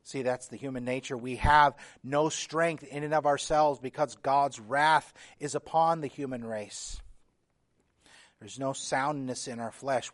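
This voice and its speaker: A man preaching a sermon as pastor, earnest and emphatic, reading scripture aloud with feeling. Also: on the high side. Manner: earnest preaching, building emphasis with repeated phrases.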